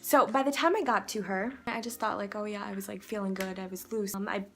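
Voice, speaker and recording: A woman's voice: medium pitch, fairly quick, faint music behind. Rambling, profane young woman vlogger. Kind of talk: casual storytime.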